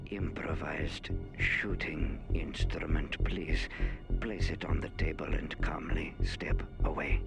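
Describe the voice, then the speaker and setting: A man's voice: sing-song, slow, exaggerated voice. A man voicing a stern male officer in an animation, speaking in a cold, formal, half-whispered way. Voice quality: deep gravelly half-whisper. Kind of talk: animation dialogue. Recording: music under the dialogue.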